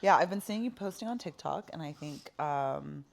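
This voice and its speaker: A woman co-hosting a podcast in casual chat, rambling and relaxed with many fillers. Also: deep voice, normal speed, vocal fry. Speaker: podcast co-host.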